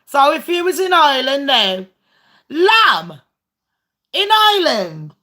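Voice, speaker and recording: Slow-talking blunt woman streamer. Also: high voice, very animated, pushed and bright. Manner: blunt and foul-mouthed, chatty. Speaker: livestream host. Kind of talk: casual chat game with live viewers.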